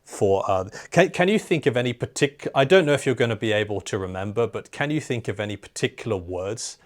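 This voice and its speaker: A man's voice: fairly low pitch, lively intonation, a little fast. A man hosting an interview in a chatty, casual way, full of "like" and "you know". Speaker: interview host. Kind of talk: conversational interview.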